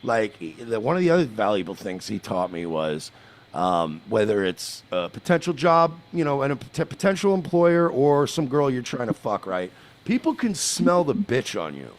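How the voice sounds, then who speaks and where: A man's voice: medium pitch, very animated, normal speed. A man from the United States telling crude, boastful stories in casual chat, with frequent restarts.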